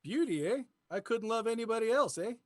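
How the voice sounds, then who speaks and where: A man's voice: very high voice, expressive, brisk, dry recording, studio quality. A man playing a Canadian boyfriend in an improv scene, short replies that end in "eh". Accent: Canadian put-on. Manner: terse, ends lines with "eh". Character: laid-back Canadian boyfriend, a Mountie type. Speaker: improv performer.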